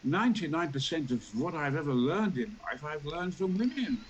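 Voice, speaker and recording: Booming old Yorkshire storyteller. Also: male voice, normal speed, lo-fi sound, slight background noise. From Yorkshire, England. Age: 80s. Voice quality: booming, larger-than-life delivery with sudden loud outbursts. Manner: animated storyteller who acts out every character. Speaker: talk show guest. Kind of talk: theatrical anecdote telling.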